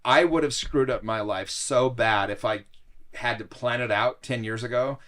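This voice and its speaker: A middle-aged man appears as a guest on a casual podcast interview, animatedly sharing personal stories and laughing often as he talks. His voice is mid-range and his pace moderate.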